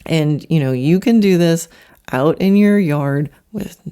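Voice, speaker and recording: Middle-aged woman talking horses on her podcast, low warm voice, lively. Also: clean tone. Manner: chatty, animated, slips into quick mock demos. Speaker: podcast host and horse trainer. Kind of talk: solo podcast monologue.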